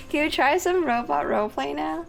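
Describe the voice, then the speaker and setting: Brief: woman streamer, fairly high pitch with vocal fry, casual talk over faint game music. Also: animated, a little slow. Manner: chatty, swears casually, talks to chat. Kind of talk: casual gameplay commentary.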